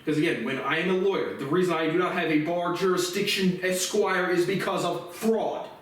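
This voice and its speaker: A man in his twenties in an agitated, profane rant to camera, his voice rising into shouts. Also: high-pitched, brisk. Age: 20s. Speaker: vlogger. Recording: very echoey room, far from mic.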